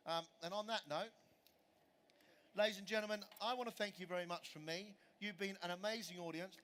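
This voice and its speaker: A man's voice: high-pitched, fairly even intonation, fairly quick, a bit bright. A middle-aged man giving a live cooking demonstration on a show stage, chatting with audience members and answering their questions. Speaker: celebrity chef doing a live cooking demo.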